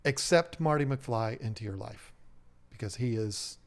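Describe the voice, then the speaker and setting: A man co-hosting a live stream about aquarium fish, reading viewer messages and rambling through jokes and stories in an excitable, chatty way. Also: medium pitch, a little slow. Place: fish shop owner's live stream setup.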